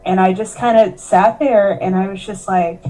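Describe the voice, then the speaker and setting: A woman's voice: mid-range voice, fairly even intonation, moderate pace, dark tone, poor audio. A woman, a professional wrestler, telling her story in a candid interview, earnest and emotional, often quoting herself and others. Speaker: professional wrestler, podcast guest.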